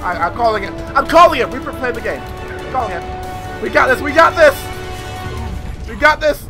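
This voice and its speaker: A man commentating his own gameplay as a video host, excitable and swearing a lot, often squealing. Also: very high-pitched, moderate pace. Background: game music and sound effects.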